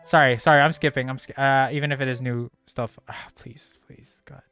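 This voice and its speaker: A man's voice: mid-range voice, level tone, normal speed, vocal fry, fairly bright tone, faint music behind. Frustrated swearing gamer guy. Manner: frustrated, swearing, rambling with restarts. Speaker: let's play gamer. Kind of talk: casual gaming commentary.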